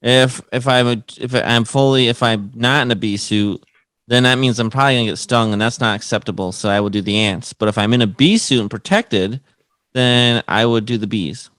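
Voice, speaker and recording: Podcast co-host, male, mid-pitched, chatty talker, dry close mic. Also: brisk, fairly bright tone, no echo. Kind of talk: casual banter.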